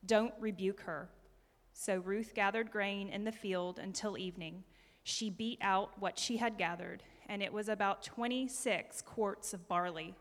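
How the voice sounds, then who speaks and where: A woman reading a scripture passage aloud in a steady, measured way during a service. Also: medium pitch, big-room sound. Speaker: scripture reader.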